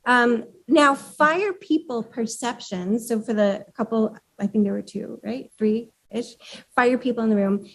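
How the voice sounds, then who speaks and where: A woman's voice: fairly high pitch, unhurried, vocal fry. A woman presents to a small audience in a meeting room. She talks in a loose, conversational way, with fillers, and now and then she asks the room questions. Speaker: speaker at a chapter meeting.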